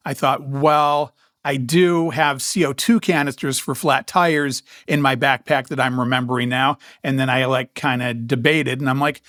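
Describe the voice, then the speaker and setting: A man's voice: mid-range voice, fairly even intonation, normal speed, a bit bright, dry recording, clean studio sound. A man co-hosting a podcast, chatting casually and telling a story with wry humor and acted-out dialogue. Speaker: podcast co-host. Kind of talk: casual chat.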